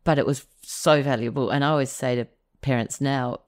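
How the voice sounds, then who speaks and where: A woman's voice: a bass voice, steady tone, brisk. A middle-aged woman, hosting a podcast and chatting casually with many fillers. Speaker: podcast host. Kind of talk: casual conversation.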